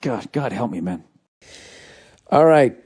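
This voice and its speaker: A man's voice: medium pitch, animated, slow, a little mellow, breathy edge. A man hosting a podcast, telling a story in casual chat, laughing through it, swearing freely and acting out the sounds. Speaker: podcast host.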